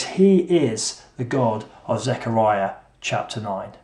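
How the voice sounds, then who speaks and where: A male preacher giving a sermon, asking rhetorical questions and repeating phrases, at times emphatic and at times hushed. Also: lowish voice, animated, slow pace. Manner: swings between emphatic and hushed delivery. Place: church hall. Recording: echoey room.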